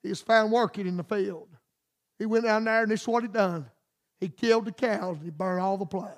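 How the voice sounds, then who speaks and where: A man's voice: high-pitched, fairly quick. A man preaching a fervent sermon with emphatic, rhythmic repetition.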